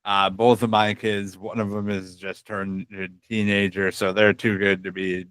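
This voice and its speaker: A middle-aged man hosting a podcast, talking in a relaxed, appreciative way. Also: lowish voice, moderate pace, clear, resonant tone, no echo. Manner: relaxed, appreciative, with fillers and laughs. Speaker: podcast host. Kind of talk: casual interview chat.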